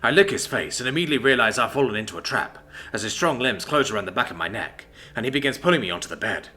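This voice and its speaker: Male narrator, expressive story reader, animated pitch, faint music bed. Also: quick pace. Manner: expressive first-person storytelling.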